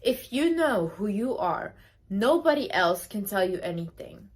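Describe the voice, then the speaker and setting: A woman's voice: medium pitch, very animated, a little slow, slightly rough. A young woman speaking as a self-help vlogger, giving blunt, emphatic advice and repeating her key phrases for force. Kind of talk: motivational advice monologue.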